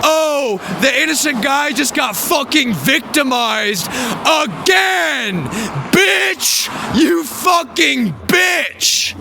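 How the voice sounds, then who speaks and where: A man mimicking a shrill, shouting woman who jeers at someone. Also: lively intonation, takes it slowly, vocal fry, background noise, exaggerated voice. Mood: jeering. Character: shrill mocking middle-aged woman jeering.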